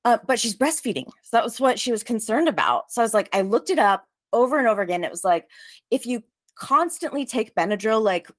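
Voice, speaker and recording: A woman telling a story in casual chat, fast and lively, full of likes, acting out what others said. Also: on the high side, no echo, clean studio sound. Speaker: storyteller guest.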